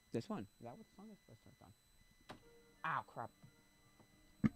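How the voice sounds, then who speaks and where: A man's voice: medium pitch, sing-song, normal speed, long pauses, pushed and bright, breathy edge, faint music behind. A man chatting casually on a livestream, rambling and thinking aloud as he picks songs. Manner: rambling, thinking aloud, sings along at times. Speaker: streamer.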